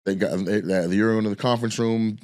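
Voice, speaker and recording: A man's voice: on the low side, brisk. A man hosting a podcast, telling a long, rambling, profane story in a casual way. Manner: profane, animated, rambling with restarts. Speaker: podcast host and comedian.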